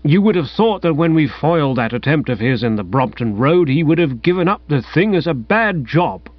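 A man's voice: fairly high pitch, big pitch swings, moderate pace, dry recording. A man voicing a fussy, pompous old magistrate who blusters indignantly in an audiobook. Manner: blustering, querulous. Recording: dull, dry, lo-fi sound.

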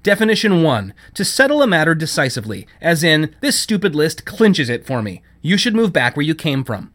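A man's voice: on the high side, big pitch swings, a little fast, fairly bright tone. A man reading a story, voicing an indignant, sarcastic young woman who works in a shop. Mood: scornful. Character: sharp-tongued young woman, fiery shop worker.

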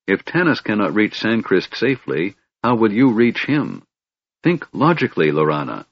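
A man reading an audiobook, voicing a mild, patient male cleric who reasons gently, in a dull lo-fi recording. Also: on the low side, very animated, moderate pace, slightly rough, no room sound, full character voice.

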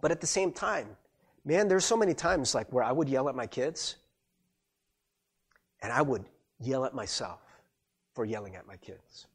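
A man's voice: mid-range voice, normal speed, long pauses, slightly rough. A man preaching a casual, conversational sermon as pastor, talking to his listeners with rhetorical questions and acted-out quotes. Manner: conversational, animated, acts out quoted voices.

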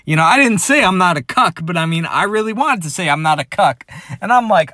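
A man with a fairly high voice rambles through a personal story, crude and profane, and leans constantly on filler phrases. The sound is dry and close, with no room echo. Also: very animated, normal speed, pushed and bright. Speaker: vlogger.

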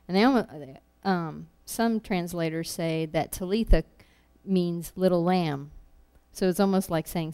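A woman delivers a sermon in an unhurried, earnest way, repeating key phrases to drive them home. Her voice sits a little low and sounds warm and mellow. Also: smooth. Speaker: preacher.

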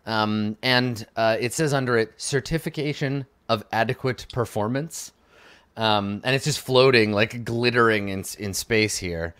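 A man narrating as game master in a tabletop game, halting and full of fillers. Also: on the low side, fairly bright tone, smooth.

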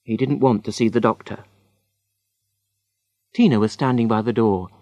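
A man giving scripted narration of a story in a slow, deliberate way. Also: on the low side, fairly even intonation, a little mellow, no room sound.

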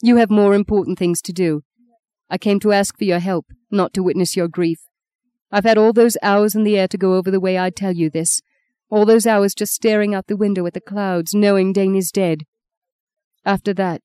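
A woman's voice: medium pitch, fairly even intonation, moderate pace, dark tone, clear, resonant tone, dry recording, natural voice. A woman voicing a fifty-three-year-old mother who speaks in a harsh, cold, clipped way.

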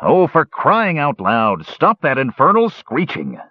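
A man's voice: medium pitch, wildly swooping pitch, a little slow, no echo, highs cut off. A man playing a grumpy old hill dwarf. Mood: exasperated. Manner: gruff and exasperated. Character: grumpy gray-haired male hill dwarf, short-tempered.

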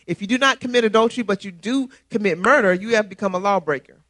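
A man preaches a sermon, reading scripture and telling stories in an emphatic, conversational way. His voice sits high for a man. The sound is close and dry. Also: fast, no room sound. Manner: emphatic, conversational, animated storytelling. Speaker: church elder preaching.

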